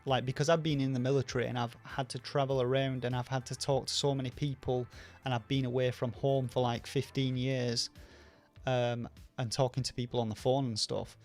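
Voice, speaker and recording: A Northern English man with a flat voice, medium pitch and a softened Rochdale, Greater Manchester accent talks a little fast on a casual livestream. As the channel host, he answers viewer questions in a rambling way, full of fillers and restarts.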